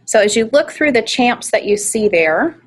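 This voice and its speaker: A woman's voice: fairly high pitch, lively intonation, normal speed, a little hiss or hum, poor audio. A woman coordinating volunteers, giving a practical training talk with frequent fillers, speaking to a room and an online meeting. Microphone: online meeting mic, at varying distance.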